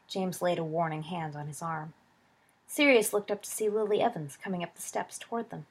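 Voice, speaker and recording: A woman narrating a story in a steady, soft reading voice. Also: fairly low pitch, brisk, slightly rough. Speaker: audiobook narrator.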